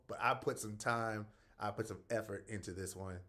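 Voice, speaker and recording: A man's voice: mid-range voice, brisk, hardly any pauses. Upbeat man greeting his stream. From North Charleston, South Carolina. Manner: upbeat, shouting out viewers by name; soft and earnest when speaking from the heart. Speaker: livestream host. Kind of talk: casual livestream greeting viewers.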